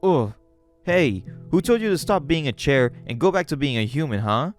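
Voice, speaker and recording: A man's voice: fairly high pitch, big pitch swings, normal speed, soft background music, pitched above the performer's own voice. A man voicing a cruel, bored young man who abuses others for fun, with a sneering, careless tone.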